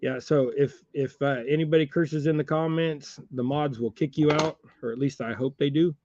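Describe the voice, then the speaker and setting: Folksy rambling man, slightly high voice. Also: fairly even intonation, moderate pace, darkish tone, dull audio, a little hiss or hum. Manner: rambling, folksy, chuckles often. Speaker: fishing channel host. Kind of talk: casual livestream chat while tying jigs.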